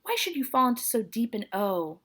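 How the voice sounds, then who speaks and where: A woman voicing a fussy older woman servant in a high, fluttery, wailing voice while reading a play aloud. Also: very animated, a little fast, a bit bright, breathy edge, full character voice. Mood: fretful.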